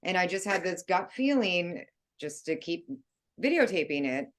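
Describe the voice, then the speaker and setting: Low-voiced woman speaking earnestly. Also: big pitch swings, normal speed. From Canada. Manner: earnest, plainspoken. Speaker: paranormal investigator. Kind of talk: casual conversational interview.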